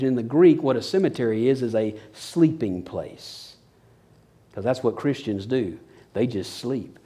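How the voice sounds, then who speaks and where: Folksy man preaching a sermon. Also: medium pitch. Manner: folksy, animated storytelling with dramatized quotes. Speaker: pastor.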